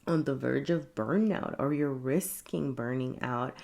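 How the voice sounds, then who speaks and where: Very low-voiced woman reading tarot. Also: a little slow, vocal fry, a little mellow. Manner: chatty, laughs often, filler-heavy. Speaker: tarot reader.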